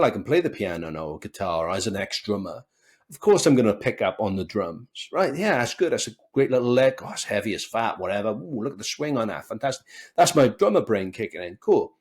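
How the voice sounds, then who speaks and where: A man from Wales with a softened Welsh accent, a speaking coach talking as a podcast guest in an animated, expressive way, acting out quotes as he tells stories. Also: lowish voice. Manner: animated, expressive storyteller who acts out quotes. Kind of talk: conversational interview.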